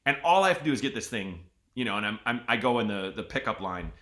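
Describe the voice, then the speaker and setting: Bright-voiced man telling animated stories. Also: fairly low pitch, fast talker. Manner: animated storyteller, jumps into loud put-on voices. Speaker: podcast host. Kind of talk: casual comedic chat. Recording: roomy echo.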